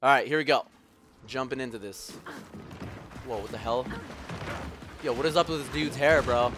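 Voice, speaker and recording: A young man hosting his own gaming video, talking through play and breaking into shouted curses and groans. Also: medium pitch, moderate pace, long pauses, noisy background. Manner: shouts, curses and groans at the game in sudden outbursts. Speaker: gaming channel host. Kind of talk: raging gameplay commentary. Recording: loud game audio under the voice. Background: game sounds.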